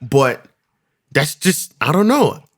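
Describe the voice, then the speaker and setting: A man in casual podcast chat, a father talking loudly and animatedly, often repeating himself. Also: on the high side, sing-song, slow, no echo, clean studio sound. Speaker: podcast co-host.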